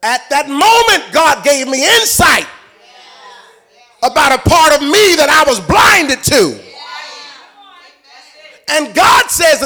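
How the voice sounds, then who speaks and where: Animated high-voiced male preacher, gravelly edge. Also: slow, pauses often. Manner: animated, building to shouting, with playful asides and laughter. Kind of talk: sermon.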